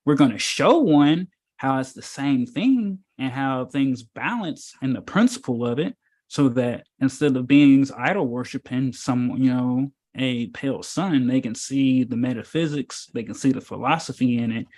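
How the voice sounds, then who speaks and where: A man of middle pitch talks as a spiritual teacher in a loose, preachy way. He rambles from point to point, stresses his words hard and keeps throwing out rhetorical questions and fillers. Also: a little mellow. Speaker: spiritual teacher in an informal meetup. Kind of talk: casual preachy talk.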